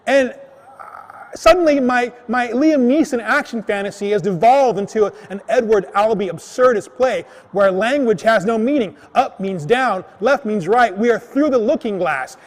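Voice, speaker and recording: A man with a rather high voice tells a comic personal story on a live stage, animated and quick to shout as he acts out his anger. Long reverb from the hall hangs behind every line.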